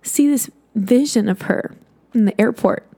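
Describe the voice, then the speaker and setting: A woman's voice: on the high side, a little slow, mellow. A woman hosting a podcast, telling a personal story in an earnest, conversational way with many fillers, sometimes dropping to a whisper for emphasis.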